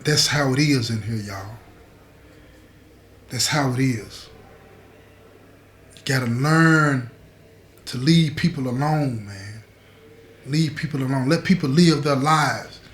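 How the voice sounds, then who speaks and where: This storyteller host talks slowly, leaving long pauses, in a reverberant space with slight background noise. Earnest and streetwise, he calls his viewers "y'all" from prison, and his voice grows softer and lower when the tale gets grave.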